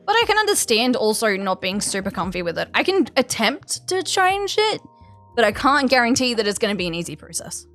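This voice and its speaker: An Australian woman streams a game and chats loosely with her audience, her voice sitting a little high. She rambles, doubles back and fills the gaps with "um" and "like," with faint music playing behind her. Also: very animated, a little fast, fairly bright tone. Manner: chatty, rambling, many fillers and restarts. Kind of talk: casual chat with live viewers.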